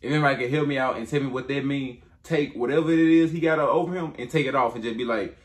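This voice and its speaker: A man's voice: medium pitch, fast. A man casually retelling a Bible story to listeners in a conversational way.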